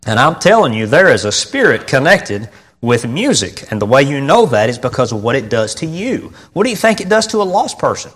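Animated preacher, man. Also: mid-range voice, a little fast, husky. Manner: storytelling with emphatic, repeated phrases and sudden outbursts. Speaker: pastor. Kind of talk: sermon.

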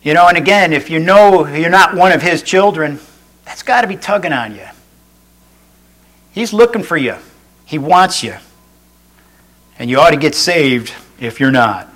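A man's voice: on the high side, animated, unhurried, pauses often, fairly bright tone, rough recording. A male pastor preaching a sermon in an earnest way. He restates each point and adds folksy asides.

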